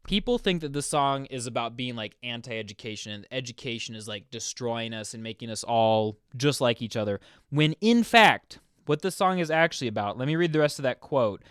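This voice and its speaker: A man hosting his own channel, explaining a song's meaning in a casual, chatty way, full of "like" and quick asides. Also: medium pitch, clean tone, no echo, clean studio sound. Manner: chatty, filler-heavy, animated. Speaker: music explainer host. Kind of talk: casual explanatory video commentary.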